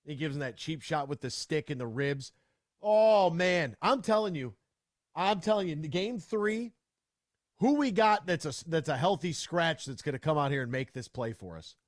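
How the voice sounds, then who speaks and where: A man hosting a sports talk radio show, ranting in a fired-up way with quick repeated restarts, into a studio microphone. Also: fairly high pitch, lively intonation, no echo.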